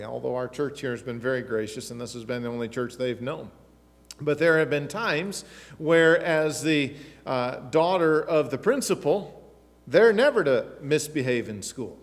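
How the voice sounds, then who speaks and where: A middle-aged pastor preaches with emphatic questions and conversational asides. His voice sits high for a man. It rings with the long reverb of a church hall. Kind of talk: sermon. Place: church sanctuary.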